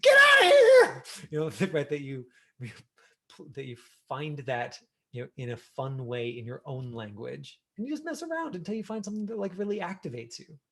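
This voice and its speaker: A middle-aged man teaching an online acting class over a video call, talking casually with lots of fillers and lively examples. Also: medium pitch, a little fast. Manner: casual, animated, many fillers.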